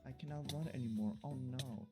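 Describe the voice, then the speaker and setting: A man's voice: mid-range voice, a little fast, over music, close to an everyday voice. A man voicing his weak, exhausted game character in a whiny, melodramatic way.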